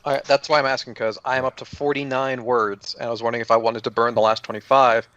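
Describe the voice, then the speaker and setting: A man's voice: mid-range voice, little pitch movement, fast talker, fairly bright tone, highs cut off. A man playing a tabletop game, asking careful rule questions in casual chat. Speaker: player.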